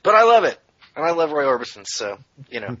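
A man in casual podcast chat, opinionated and animated as he tells stories. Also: fairly high pitch, fast talker, no room sound, muffled recording.

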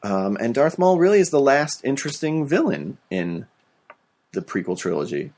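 A man's voice: mid-range voice, big pitch swings, moderate pace, darkish tone. A man hosting a casual podcast, talking about films in a rambling, profane way. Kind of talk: casual film chat.

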